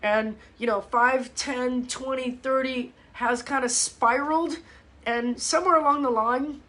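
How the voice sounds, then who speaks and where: Woman, middle-aged, fitness coach, chatty live stream, phone mic, bright voice. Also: high-pitched, measured pace. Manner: chatty, animated, talks straight to viewers. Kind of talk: casual live-stream chat.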